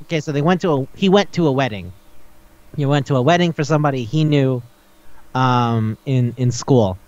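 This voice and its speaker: Animated man recapping manga, smooth voice. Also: mid-range voice, normal speed, no room sound, muffled recording. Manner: animated recapping, acting out quotes, swears freely. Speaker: podcast co-host. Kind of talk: casual chat.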